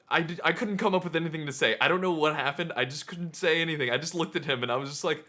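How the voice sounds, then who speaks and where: A man vlogging, telling a self-deprecating story in an animated, casual way. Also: fairly high pitch. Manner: animated, self-deprecating, quick to act out scenes.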